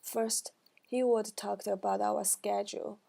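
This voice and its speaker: A young woman student reads back what her class covered, careful and halting in non-native phrasing. Her voice is dark and mellow with a gravelly edge of fry. She keeps an even, unhurried tone with very little lift. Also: medium pitch. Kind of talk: reading a class recap.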